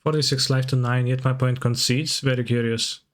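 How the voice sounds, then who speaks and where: A man's voice: mid-range voice, fairly even intonation, fairly quick. A man streaming a card game, chatting casually with viewers and breaking into playful, goofy sing-song noises. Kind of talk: casual stream chat over gameplay.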